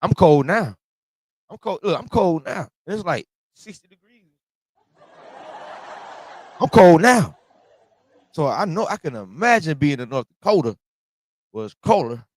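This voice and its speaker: A man with a slightly high, lively voice talks at a normal pace in a clean, echo-free recording. Hosting a reaction video while he gets over a cold, he chats in slang, laughs, and jokes about being sick with exaggerated complaints.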